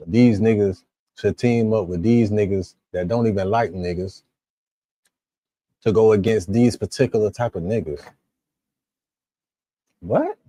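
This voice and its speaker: A man's voice: on the low side, dark tone, no room sound. A man hosting a live reaction stream, ranting with a profane, indignant, exasperated manner. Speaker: livestream reaction host.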